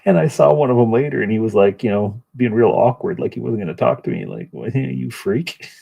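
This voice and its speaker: Low, husky middle-aged man chatting. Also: very animated, fast, warm tone. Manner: rambling, chatty, greets chat by name. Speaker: livestream host painting miniatures. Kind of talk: casual livestream chat.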